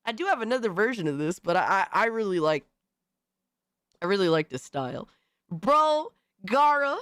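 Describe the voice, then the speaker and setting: An excitable woman hosting a casual livestream swears freely and uses street slang, her pitch leaping up and down constantly at a brisk pace. The recording is close and dry, with no room echo and a clean tone.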